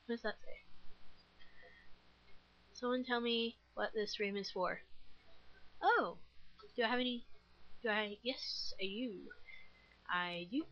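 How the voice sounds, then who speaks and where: A woman's voice: fairly high pitch, slow, long pauses, fairly bright tone, muffled recording. A nineteen-year-old woman chatting casually while playing a game, rambling with many fillers and self-deprecating giggles. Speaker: gaming vlogger. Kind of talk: casual gameplay commentary.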